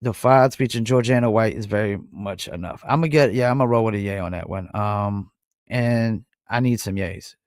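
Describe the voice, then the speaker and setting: A man's voice: lowish voice, moderate pace, smooth, no room sound, studio quality. A man with a Southern US accent hosting a music review livestream, talking casually with a lot of fillers. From North Carolina. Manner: laid-back, rambling, frequent um and I mean. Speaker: music review show host.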